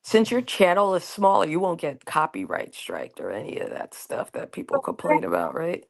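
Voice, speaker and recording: A woman's voice: on the low side, wildly swooping pitch, moderate pace, gravelly. A woman co-hosting a live stream, chiming in with chatty asides. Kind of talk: casual chat.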